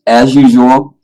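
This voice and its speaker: A man hosting a casual livestream, talking in an animated, rambling, joking way. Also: medium pitch, breathy edge, low-quality recording. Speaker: livestream host.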